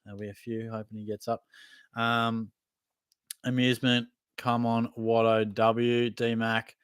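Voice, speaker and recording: A man's voice: medium pitch, completely flat delivery, a little slow, clear, resonant tone, no echo, clean studio sound. A young Australian man hosting a casual live Q&A, reading viewer comments and bantering with a laugh. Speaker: podcast host.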